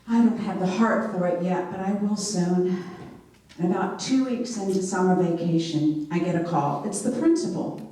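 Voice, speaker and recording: A woman speaker telling a personal story to an audience, animated and acting out the dialogue with laughter. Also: on the low side, normal speed. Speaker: author and speaker. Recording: very echoey hall, voice from far off.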